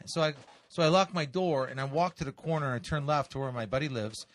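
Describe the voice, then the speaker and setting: This podcast co-host is a man who talks fast in a mid-range voice. He's chatting casually, spinning a meandering, profane story packed with filler words.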